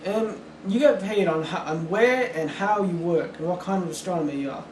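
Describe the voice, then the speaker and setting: A man's voice: sits high, normal speed, roomy sound, far from the mic, a little hiss or hum, natural voice, low-quality recording. A young man playing a British astronomer in an amateur skit, earnest and stumbling over his words. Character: pompous British male astronomer being interviewed. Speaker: interviewee in a school project skit.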